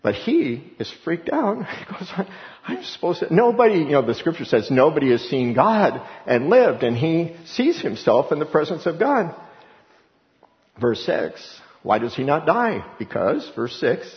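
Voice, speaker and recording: Animated preacher in an echoing hall. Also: male voice, measured pace. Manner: animated preaching, acts out scripture voices with sudden rises in pitch. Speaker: pastor. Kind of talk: sermon. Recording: dull sound with long reverb in a hall.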